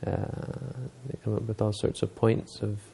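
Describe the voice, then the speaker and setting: A man's voice: lowish voice, steady tone, unhurried, vocal fry, mellow, a little hiss or hum. A man giving a Buddhist dharma talk, telling stories and explaining teachings unhurriedly, using Pali terms.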